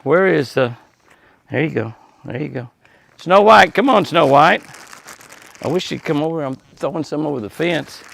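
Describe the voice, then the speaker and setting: A man's voice: medium pitch, vocal fry, a bit bright, no room sound. An older man chatting outdoors by an animal pen at dusk, folksy and chuckling as he talks to the deer. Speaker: ranch vlogger. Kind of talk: casual outdoor vlog narration.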